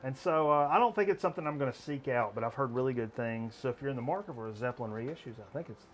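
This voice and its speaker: A man's voice: medium pitch, lively intonation, quick pace. A man hosting a casual record-collecting chat show, rambling with lots of restarts, faint music behind him. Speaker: host.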